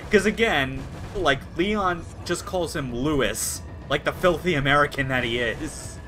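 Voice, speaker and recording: A young man chatting excitably while live-streaming a video game. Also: on the high side, a little slow, soft background music. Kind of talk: live gameplay commentary.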